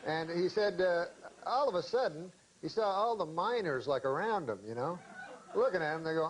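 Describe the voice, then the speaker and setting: A man guesting on a talk show, telling a long, meandering joke in a deadpan way, full of folksy asides. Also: sits high, moderate pace, low-quality recording. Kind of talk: rambling shaggy-dog joke telling.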